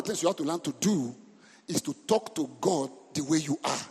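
A man preaches to his congregation in a fairly high, husky voice, stopping often to ask them questions. He sounds middle-aged and speaks as a senior pastor. The recording carries the long reverb of a church hall. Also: moderate pace. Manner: animated preaching, repeats words, asks the congregation questions. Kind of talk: sermon.

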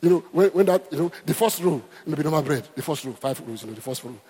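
Man, sermon, husky slightly high voice, long hall reverb. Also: expressive, fast talker, dark tone. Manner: emphatic with repetitions and calls to the congregation. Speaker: pastor.

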